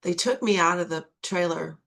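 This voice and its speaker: A woman's voice: fairly low pitch, normal speed, creaky, a bit bright. A middle-aged woman sharing her recovery testimony, earnest and repeating key phrases for emphasis.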